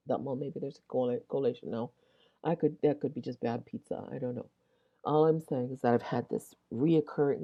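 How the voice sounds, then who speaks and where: A woman hosting a Christian video, telling a personal testimony in a rambling way, full of restarts and asides, while yawning and clearing her throat. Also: low-pitched. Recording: dull lo-fi sound.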